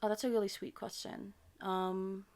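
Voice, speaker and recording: A woman's voice: medium pitch, flat delivery, normal speed, a little mellow. An American woman with a lisp and a slight Filipino touch to her accent, answering viewer questions in a casual, rambling way with many ums. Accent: American with a slight Filipino touch from her parents. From United States. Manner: rambling and hesitant, many ums and self-corrections. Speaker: ASMR creator.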